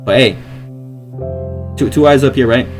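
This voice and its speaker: A man's voice: mid-range voice, moderate pace, poor audio. A young man in a mid-range voice plays through a visual novel and reads its text aloud. Between passages he rambles in a hesitant way, stacking fillers and restarting his sentences. A faint bit of music sits behind him. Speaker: gamer playing a visual novel. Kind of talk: reading game text aloud with rambling commentary.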